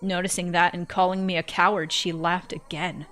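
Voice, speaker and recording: A woman's voice: on the low side, flat delivery, moderate pace, fairly bright tone. A woman streamer narrating a visual novel in first person, reading expressively and breaking off for joking asides.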